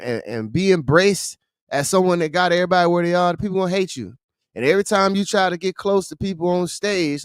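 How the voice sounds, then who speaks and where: A man's voice: sits high, dry recording, clean studio sound. A man hosting a livestream, giving blunt, profane commentary in a ranting manner. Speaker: livestream host. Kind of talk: casual commentary stream.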